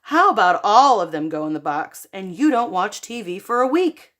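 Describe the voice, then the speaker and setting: A woman's voice: mid-range voice, big pitch swings, moderate pace. A woman voicing an exasperated mother who argues with her son over his toys, speaking sternly. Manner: stern and exasperated, with loud scolding.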